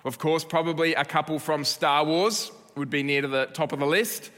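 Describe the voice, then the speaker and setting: Pastor preaching with joking asides. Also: male voice, on the high side, normal speed, few pauses, fairly bright tone, long reverb tail. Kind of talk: sermon.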